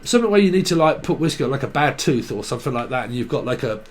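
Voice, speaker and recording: A man's voice: mid-range voice, sing-song, rapid-fire, slight background noise. A man with a Cockney accent giving a rambling tarot reading, riffing through names and word associations in a playful, swearing way. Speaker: tarot reader.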